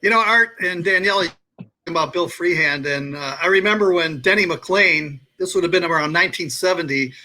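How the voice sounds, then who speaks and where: A man's voice: high voice, brisk, sharp tone, a little hiss or hum. A man on a casual sports show, telling stories at an easy pace and acting out the quotes. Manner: easygoing storyteller, acts out quotes. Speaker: guest storyteller on sports show.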